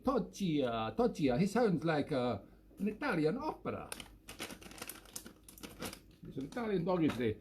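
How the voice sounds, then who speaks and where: A man's voice: fairly high pitch, sing-song, a little slow, pauses often, noisy background. A Scottish man hosting a weekly live music show from home, chatting casually and jokily between tunes and poking fun at himself. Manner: playful, jokey and self-mocking.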